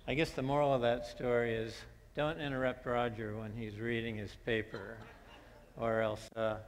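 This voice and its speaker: A male pastor delivers a relaxed, conversational sermon, pausing on fillers as he tells a story. His mid-pitched voice rolls through a large sanctuary with a long reverb tail. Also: slight background noise. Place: church sanctuary. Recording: long church-hall reverb.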